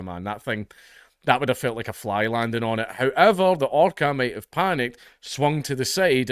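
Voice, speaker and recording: A man's voice: medium pitch, clear, resonant tone, no echo, clean studio sound. A Scottish man hosting comedic news commentary, blunt, profane and exasperated. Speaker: online commentary host.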